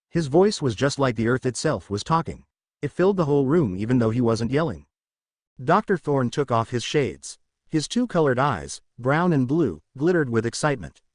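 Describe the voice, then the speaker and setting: A man reading a fan fiction story aloud as narrator in an expressive storytelling manner. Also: mid-range voice, no echo, clean studio sound.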